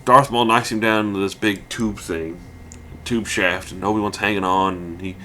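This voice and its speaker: A man's voice: on the low side, steady tone, normal speed, noisy background. A man giving casual, rambling let's play commentary, ranting with lots of fillers and restarts.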